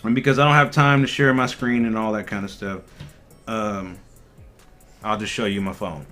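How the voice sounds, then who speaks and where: Soft music plays behind this Ohio man as he hosts a casual cannabis livestream in a lowish voice at normal speed. He laughs a lot and chats animatedly with his viewers.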